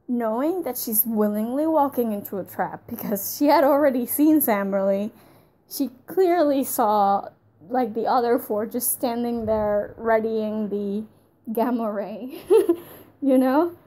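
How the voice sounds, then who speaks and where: A woman's voice: fairly high pitch, takes it slowly, mellow. A woman giving a casual spoken review of a TV episode, chatty and frank, often breaking into laughs.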